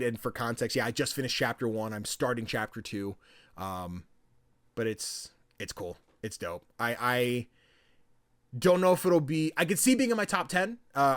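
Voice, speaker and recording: A man's voice: medium pitch, expressive, moderate pace, no echo. Chatty young man in a dry room. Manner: loose and chatty, swears freely, acts out game characters. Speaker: podcast host. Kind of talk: casual chat about video games.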